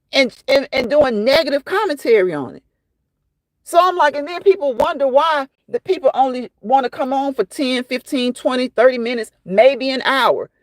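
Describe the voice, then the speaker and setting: A woman's voice: high voice, dry recording. A woman hosting a casual livestream, chatting and fussing while she answers viewers by name. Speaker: livestream host reading chat.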